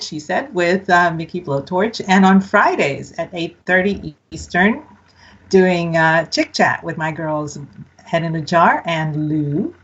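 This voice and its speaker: A woman hosts an online talk radio show, chatty and quick to laugh. Her voice is husky. The audio sounds dull and lo-fi. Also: on the low side. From Puerto Rico. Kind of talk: casual political banter.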